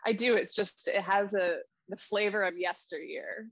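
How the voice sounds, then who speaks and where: A woman's voice: mid-range voice, no room sound. A young adult woman co-hosting a podcast, joking playfully in casual chat. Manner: playful, joking, quick asides. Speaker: podcast co-host. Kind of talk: casual chat about a film.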